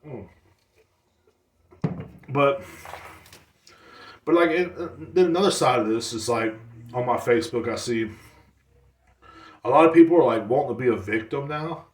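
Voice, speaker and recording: A man's voice: mid-range voice, animated, normal speed, pauses often, roomy sound, distant mic. A man hosting a podcast alone, rambling casually with blunt profanity and slang. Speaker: podcast host. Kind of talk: casual solo rant.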